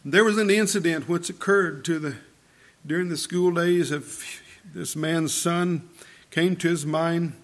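Gravelly fervent preacher man. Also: a little high, fairly even intonation, unhurried. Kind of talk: sermon storytelling.

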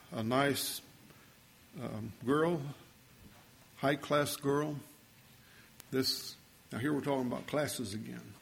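A man's voice: mid-range voice, gravelly, a little hiss or hum. An older man preaching a sermon, telling a story in a folksy way and building to fervent exhortation.

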